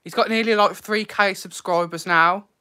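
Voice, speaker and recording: A man hosts a casual live stream, talking openly and with feeling. His delivery is loose and chatty, full of "like" and "literally." The voice sits bright and forward. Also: high voice, steady tone, moderate pace, clean tone. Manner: chatty and emotional, heavy use of "like" and "literally".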